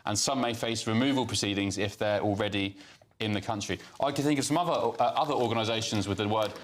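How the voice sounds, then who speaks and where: A man co-hosting a talk show, reading out news items haltingly with fillers and restarts. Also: on the low side.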